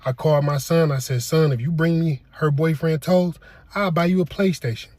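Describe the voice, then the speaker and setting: A young man from Detroit telling a comic story, deadpan, slipping into quoted voices. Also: a little high, normal speed, dry recording. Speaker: comedic storyteller. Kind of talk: comedy skit monologue.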